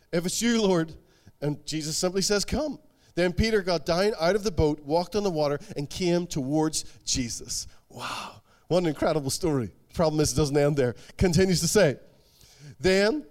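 A man preaching a sermon, animated, voicing the people in the stories he tells. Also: fairly high pitch. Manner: animated, acts out the quotes he tells. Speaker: pastor.

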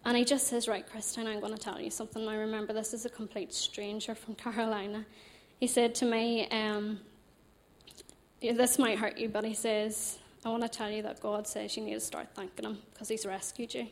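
Young Northern Irish woman, personal testimony, animated and chatty, slightly high register. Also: normal speed. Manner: animated, chatty, laughs often.

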